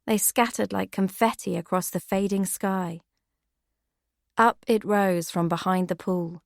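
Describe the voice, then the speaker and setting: A woman giving steady, measured first-person audiobook narration. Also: mid-range voice, gravelly, dry recording, clean studio sound.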